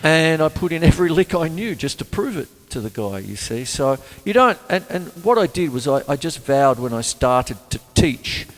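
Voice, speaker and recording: An older man hosting a casual drum lesson, chatty and singing rhythms out loud as he plays. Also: fairly high pitch, sing-song, normal speed, hardly any pauses, soft background music. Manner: chatty, sings rhythms aloud. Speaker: drum teacher and show host. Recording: reverberant room with drums.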